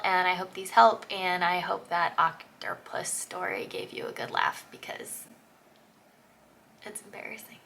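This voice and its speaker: A woman's voice: medium pitch, creaky, bright, forceful tone. A woman in her thirties from New England, casually recommending books in a chatty, earnest, self-deprecating way. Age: 30s. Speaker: book vlogger.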